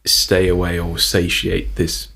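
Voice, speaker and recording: A man's voice: sits low, completely flat delivery, slow pace, creaky, bright, forceful tone, breathy edge. A man co-hosting a podcast in casual chat, rambling with lots of fillers and laughing often. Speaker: podcast co-host.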